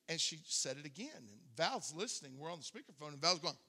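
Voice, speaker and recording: A man's voice: a little high, animated, fast, hardly any pauses, bright, forceful tone. A man preaching a storytelling sermon in a conversational way, often repeating words as he starts a thought. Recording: echoey hall reverb.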